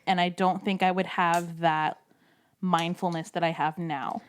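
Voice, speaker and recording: A woman's voice: on the low side, level tone, unhurried, a little hiss or hum. A woman guest on a podcast, speaking in a reflective, earnest way and often adding "you know". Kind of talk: casual conversation.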